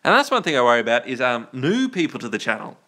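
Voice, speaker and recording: A man from Australia hosting a live stream, with a bright, forward voice. He rambles playfully, trails off mid-thought and keeps restarting his sentences. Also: mid-range voice, sing-song, fast talker. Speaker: livestream host.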